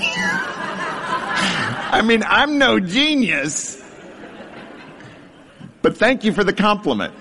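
A man's voice: sits high, very animated, slow, pauses often, noisy background. A middle-aged man delivers a storytelling sermon to a live congregation. He jokes at his own expense and laughs through his lines. His voice rings with a long reverb from a large hall. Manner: self-deprecating humor, laughs through lines. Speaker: speaker sharing a testimony.

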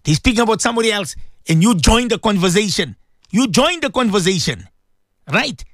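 A man's voice: sits high, sing-song, brisk, a bit bright, no echo, clean studio sound. A man preaching an Islamic sermon to radio listeners, emphatic and repetitive, often asking them questions. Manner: emphatic, repeats phrases, asks listeners questions.

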